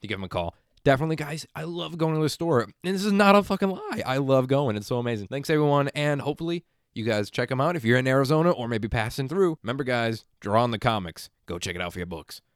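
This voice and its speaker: A man hosting a podcast, chatting casually and reading an ad with quick enthusiasm and the odd swear. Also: mid-range voice, lively intonation, no room sound, studio quality. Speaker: podcast host. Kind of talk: casual podcast chat and read ad.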